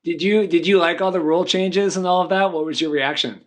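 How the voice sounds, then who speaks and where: A man hosting a casual podcast, friendly and relaxed as he thanks his guest. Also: high-pitched, a little fast. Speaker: podcast host.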